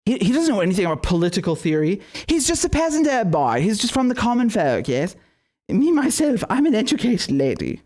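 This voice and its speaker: A man's voice: high voice, very animated, brisk, a little mellow, pitched above the performer's own voice. A man putting on a snooty elitist lady. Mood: condescending. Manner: mocking, sneering parody. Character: snobbish educated woman, condescending and elitist.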